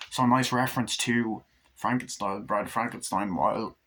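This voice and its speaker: A man's voice: on the low side, fairly even intonation, normal speed, fairly bright tone, a little hiss or hum. A man giving a casual, rambling movie review, enthusiastic and swearing often.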